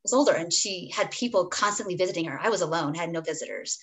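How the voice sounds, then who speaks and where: This rough recording captures a woman dietitian with a fairly low, slightly bright voice, talking fast and animatedly. Interviewed as a guest, she earnestly tells a frank personal story full of asides and restarts, at moments quoting her past self as if acting it out.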